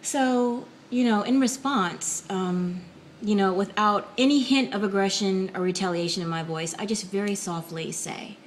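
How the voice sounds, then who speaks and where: A woman talking softly and casually to camera in a home video blog, with frequent ums and pauses. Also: medium pitch, a little hiss or hum, poor audio. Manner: soft-spoken, many ums and pauses. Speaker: vlogger. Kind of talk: casual reflective talk to camera.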